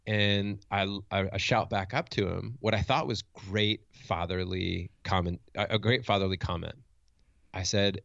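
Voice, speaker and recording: Gravelly middle-aged man, earnest storyteller. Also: deep voice, moderate pace, fairly bright tone, no room sound. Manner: reflective, earnest, with frequent restarts. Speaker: motivational speaker and coach. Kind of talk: storytelling in conversation. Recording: dull lo-fi dry recording.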